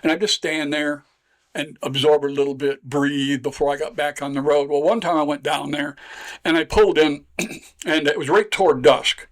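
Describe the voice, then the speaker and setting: Older Michigan man, guest storyteller; folksy, rambling delivery, pitched a bit high. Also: steady tone, moderate pace. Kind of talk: casual storytelling.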